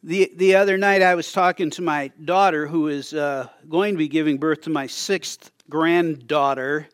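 A man's voice: on the high side, fairly even intonation, normal speed, clean tone, no echo, clean studio sound. An older man, a grandfather, preaching a sermon, telling the story in a chatty way with small laughs and repeated words. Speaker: pastor.

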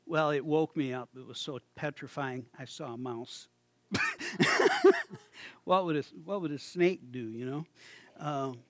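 A man preaching in a loose, storytelling way, his voice sitting high for a man. He talks unhurriedly, stumbling and restarting as he acts out little bits of dialogue. The sound is close and dry, with no room around it. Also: fairly bright tone, no echo. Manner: halting, chatty, many restarts, acts out voices with a chuckle. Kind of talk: informal sermon.

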